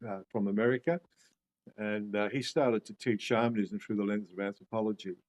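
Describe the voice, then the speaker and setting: Middle-aged Australian man, a low-pitched guest who tells a lively story. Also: brisk, poor audio. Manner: animated storyteller who acts out his past reactions. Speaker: guest, shamanism teacher. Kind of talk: casual storytelling interview.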